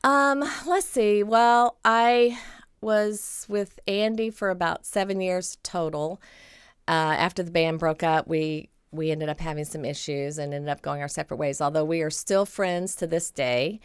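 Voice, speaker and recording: Podcast guest, woman in her sixties, low-ish voice, dry close recording, animated storyteller who acts out voices. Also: measured pace, smooth, dry recording. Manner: animated, acts out quoted voices and laughs often. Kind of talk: casual storytelling.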